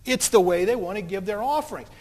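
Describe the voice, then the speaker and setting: A man's voice: sits high, animated, quick pace, a little mellow. A man preaching a sermon as a pastor, telling stories in a conversational way. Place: church sanctuary. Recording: long church reverb.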